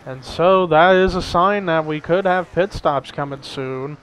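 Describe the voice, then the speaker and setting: A young man giving amateur play-by-play commentary on a simulated race, steady and given to hedging. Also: on the high side, a little slow, clear, resonant tone, low-quality recording. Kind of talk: amateur sim-racing commentary.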